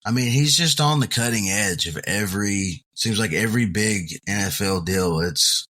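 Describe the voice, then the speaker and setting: A man co-hosting a sports podcast, calmly breaking down games in a casual chat. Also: lowish voice, moderate pace. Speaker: podcast co-host.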